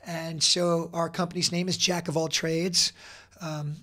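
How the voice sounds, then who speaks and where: A middle-aged man talking as a podcast guest, earnest and energetic, with many fillers and restarts. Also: fairly high pitch, measured pace. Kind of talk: casual interview talk.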